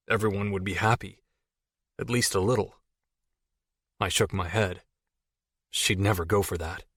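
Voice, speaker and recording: Low-voiced male audiobook narrator. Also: a bit bright, no room sound, clean studio sound. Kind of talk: scripted first-person narration.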